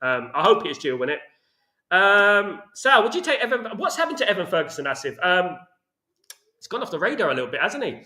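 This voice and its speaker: A man's voice: sits high, big pitch swings, fairly quick, pushed and bright. A man hosting a casual football fan chat, reading out comments and ranting with lots of "you know what I mean". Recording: echoey room.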